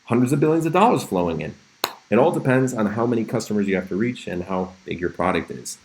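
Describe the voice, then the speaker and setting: A man in casual livestream mode, his voice sitting a little low. He talks loosely and conversationally, reacting to memes and answering viewers with frequent laughter. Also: lively intonation, fast talker, slight background noise, rough recording. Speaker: crypto livestream host. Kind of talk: casual livestream commentary reading chat.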